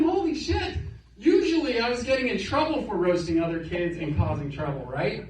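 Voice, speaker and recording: Animated man doing stand-up in a club. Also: sits high. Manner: profane, animated storytelling with quick asides. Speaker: stand-up comedian. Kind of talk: stand-up comedy set. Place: comedy club stage. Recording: roomy club, distant mic, crowd laughter. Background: audience laughing.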